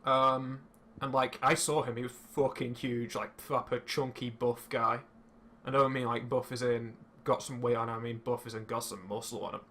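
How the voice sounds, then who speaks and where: A young man telling a story in casual chat while streaming a game, swearing freely and animated. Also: medium pitch, moderate pace, slight background noise.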